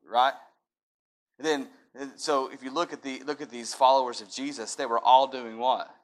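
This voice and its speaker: A man preaching a sermon, moving from conversational talk to loud, fervent preaching. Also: medium pitch, steady tone, normal speed. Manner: builds from conversational to shouted preaching. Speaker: pastor. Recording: music playing underneath.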